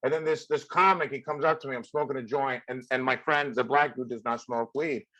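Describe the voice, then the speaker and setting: A man's voice: medium pitch, fairly even intonation, brisk, a bit bright, no echo, low-quality recording. A man hosting a casual podcast chat, from Mexico, who talks bluntly, laughs a lot and leans on "like" fillers. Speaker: podcast host and comedian.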